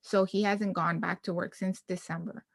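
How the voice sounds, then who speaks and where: A woman in her thirties from Canada, hosting a podcast in casual, animated chat and telling stories with lots of energy. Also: fairly low pitch, normal speed, creaky, dry recording. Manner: chatty, animated storytelling. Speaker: podcast host.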